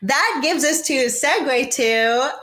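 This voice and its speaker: A woman's voice: sits high, expressive, slow pace. A woman hosting a casual podcast, thanking her guests and leading into the next segment. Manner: warm and appreciative, thanking guests. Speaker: podcast host.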